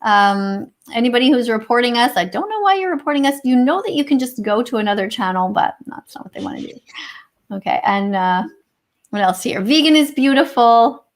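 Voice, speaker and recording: This is a Canadian woman co-hosting a livestream over a video call, her voice a little high, fairly quick, and lively in intonation. She picks out chat comments, reads them aloud, and responds sarcastically with some swearing.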